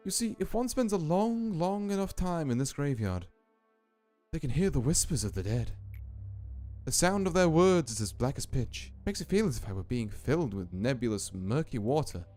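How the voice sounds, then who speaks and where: A man voicing a calm, solemn female graveyard keeper with a faint put-on Scottish lilt, speaking slowly and ominously over faint music. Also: a little high. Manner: slow, deliberate, ominous storytelling.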